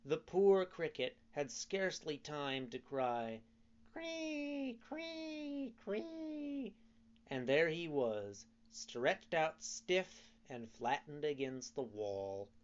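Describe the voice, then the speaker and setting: A man narrating a storybook in an unhurried, measured reading. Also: medium pitch, lively intonation, muffled recording. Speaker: audiobook narrator.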